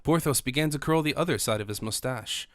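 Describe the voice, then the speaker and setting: A man narrating a classic novel as an audiobook, in a measured, descriptive reading. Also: medium pitch, fairly bright tone, no echo, clean studio sound. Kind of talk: scripted narration.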